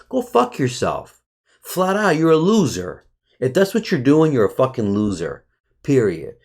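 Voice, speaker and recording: A man's voice: mid-range voice, a little mellow. A man narrating a screen-share market review, casual and full of restarts, who turns into a profane, heated rant at his viewers. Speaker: trading educator.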